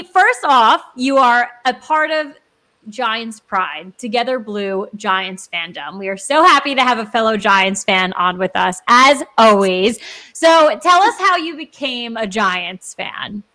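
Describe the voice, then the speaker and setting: A woman's voice: on the high side, bright, forceful tone. A woman co-hosting a casual podcast, chatty and upbeat, laughing often. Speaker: podcast co-host.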